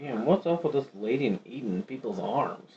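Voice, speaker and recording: A man's voice: mid-range voice, lively intonation, normal speed. A man playing in a tabletop game, joking and laughing often. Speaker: player. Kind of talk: casual chat at a tabletop game. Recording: muffled stream audio with clear noise.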